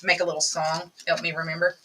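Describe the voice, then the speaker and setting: A woman's voice: sits low, level tone, fast, pushed and bright, distant mic, slight background noise, rough recording. A woman hosting a live crafting demonstration, chatting with viewers as she works. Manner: chatty, talks to viewers while working. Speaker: craft tutorial host.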